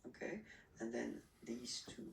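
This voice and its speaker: A man with a mid-range voice and vocal fry teaches a beginner French lesson at a measured pace, patiently asking "okay?" after almost every phrase. The mic sits at a distance, giving a roomy echo.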